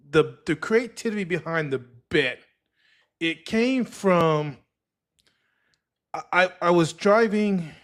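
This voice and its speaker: A man with a slightly high, fairly bright voice hosts a solo podcast from a live streaming setup. He tells a rambling story packed with filler words.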